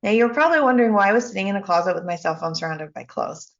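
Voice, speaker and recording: A woman coach giving a motivational talk, telling a personal story with emphatic, animated delivery. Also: mid-range voice, racing, creaky, muffled recording. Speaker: life coach and speaker.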